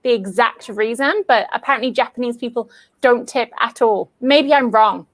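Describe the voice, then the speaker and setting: A British English teacher chats in a casual, easygoing way, her voice sitting high. She strings thoughts together with frequent "like"s. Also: normal speed. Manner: chatty, fills talk with "like". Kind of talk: casual chat.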